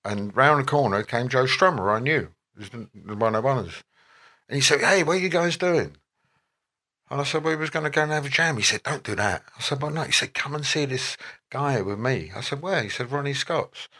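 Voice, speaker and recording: A man, an interview guest telling rambling, animated anecdotes full of quoted voices. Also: medium pitch, a little fast. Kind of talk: anecdotal storytelling.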